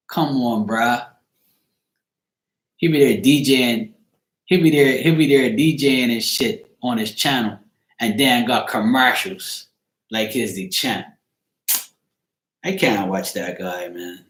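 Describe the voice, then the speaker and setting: A man's voice: medium pitch, unhurried, pauses often, a bit bright, roomy sound. A man hosting a casual livestream as a card reader, rambling and joking with some profanity. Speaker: card reader and channel host.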